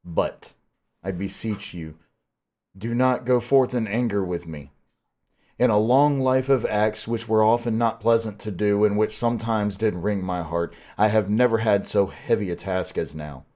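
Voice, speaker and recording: A man reading the part of a grave, stern old professor who pleads with measured weight. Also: fairly low pitch, darkish tone, natural voice. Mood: pleading. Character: grave old male Dutch professor, stern yet tender. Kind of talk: audiobook reading.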